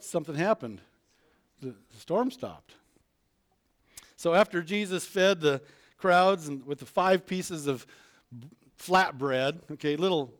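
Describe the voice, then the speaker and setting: A man preaching a sermon, retelling a Bible story in a casual way, acting out the characters' lines and chuckling as he goes. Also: on the high side. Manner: retells scripture conversationally, acts out voices, chuckles.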